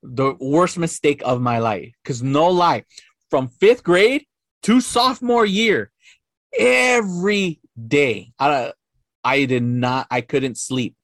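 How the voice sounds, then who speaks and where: A man, likely in his forties, telling stories in a casual podcast chat, animated and full of swearing, acting out the voices in his tales. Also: medium pitch, slow, no room sound, studio quality. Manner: animated storyteller, swears a lot, acts out quotes. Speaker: podcast guest.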